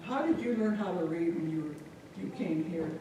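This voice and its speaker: A middle-aged woman from Omaha telling a folk tale live to an audience, lively and chatty, with asides to the crowd. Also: on the low side, normal speed, noisy background. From Omaha, Nebraska. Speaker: storyteller. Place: large event hall. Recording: echoey hall from far off.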